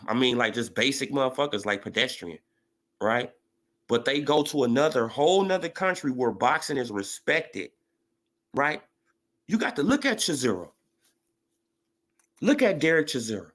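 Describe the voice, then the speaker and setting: Animated man ranting about boxing. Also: on the high side. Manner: animated, profane, rising to excited rants. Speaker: boxing commentator vlogger. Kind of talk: casual monologue.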